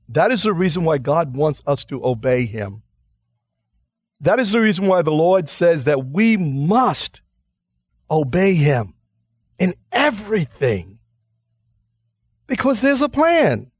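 A male pastor delivers a radio sermon with strong emphasis, swinging his voice up and down as he makes each point. His voice sits a little high for a man and sounds close and dry, with no room around it. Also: no echo. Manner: emphatic, dramatic preacher, acts out quoted lines.

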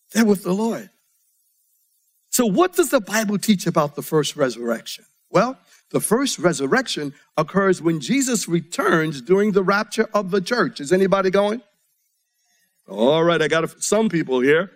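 A man with a high, light voice delivers a sermon to a congregation in church. He reads scripture aloud and preaches with sudden swings, dropping low and soft, then climbing again for emphasis.

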